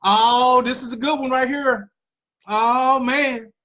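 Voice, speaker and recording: A woman hosting a political commentary show, talking in an animated way with mocking asides and repeated phrases. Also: high-pitched, slow. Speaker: host.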